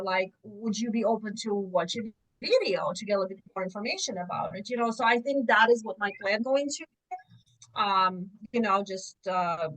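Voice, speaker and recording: A woman's voice: medium pitch, low-quality recording. Hesitant woman on a group call. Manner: hesitant, with many ums. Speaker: team member on a community call. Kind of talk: casual chat on a group call. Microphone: video call.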